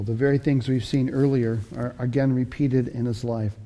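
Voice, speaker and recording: A man's voice: medium pitch, flat delivery, moderate pace, hardly any pauses, mellow. A man preaching a sermon, teaching through scripture in a conversational way and often correcting himself mid-sentence. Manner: conversational Bible teaching with frequent self-corrections.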